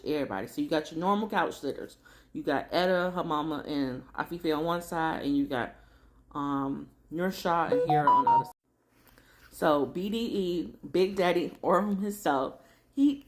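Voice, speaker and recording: Low-voiced woman recapping a drama, slangy. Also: expressive, moderate pace. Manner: chatty slangy storytelling, acts out characters. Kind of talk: casual episode recap.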